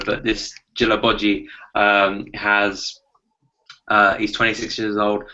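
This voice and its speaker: Low, flat, bright-toned man, lo-fi. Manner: steady, repeats himself while thinking. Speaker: fan panelist. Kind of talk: casual fan chat. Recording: dull lo-fi sound.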